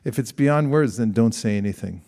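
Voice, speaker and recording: With a dark-toned, medium-pitched voice and a fairly quick pace, a middle-aged spiritual teacher gives a conversational sermon. He questions his listeners and dramatizes dialogue he quotes.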